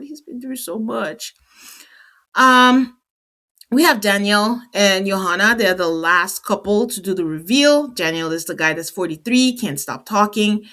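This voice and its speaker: Chatty woman recapping reality TV. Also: mid-range voice. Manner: animated storytelling, acting out the cast's lines. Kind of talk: casual recap commentary.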